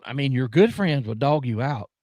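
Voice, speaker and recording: A man's voice: medium pitch, expressive, moderate pace, darkish tone, no echo, studio quality. A man with a Southern US accent, a guest in casual chat, rambling with many filler words while enunciating carefully. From American South.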